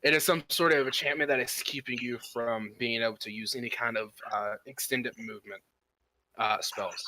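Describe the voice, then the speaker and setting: A man narrating as game master, halting with many fillers. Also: medium pitch, fairly even intonation, sharp tone, low-quality recording.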